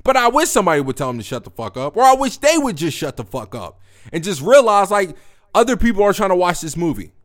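A young adult man hosting a podcast, telling a profane, slangy story in a casual, animated monologue. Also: high-pitched, quick pace. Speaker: podcast host.

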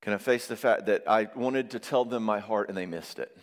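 A man preaching a sermon on marriage, lively and conversational, acting out quoted voices now and then. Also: fairly low pitch, brisk. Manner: animated, acts out quoted voices. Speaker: pastor and therapist. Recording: long reverb of a hall.

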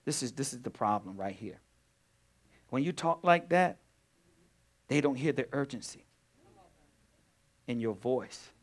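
A man preaching a sermon as pastor, swinging between quiet talk and loud, urgent emphasis. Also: medium pitch, animated, a little slow, pauses often.

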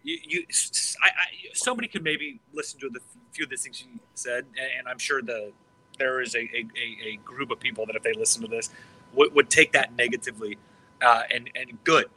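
A man in casual podcast chat, excitable and swearing freely, tripping over his words and restarting often. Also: medium pitch, fairly quick, a little hiss or hum, low-quality recording. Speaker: podcast co-host.

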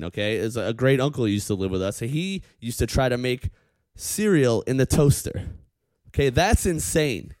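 Animated man ranting with lively pitch. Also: no echo. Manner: animated, profane, heckles the audience with repeated "okay?". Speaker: comedian. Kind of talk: comedic rant.

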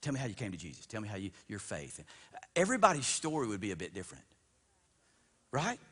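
A man in his fifties, a pastor preaching a sermon, swinging between loud emphatic bursts and hushed storytelling and repeating words as he builds up. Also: on the low side, huge pitch swings, quick pace, breathy edge. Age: 50s. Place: church sanctuary. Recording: long church-hall reverb.

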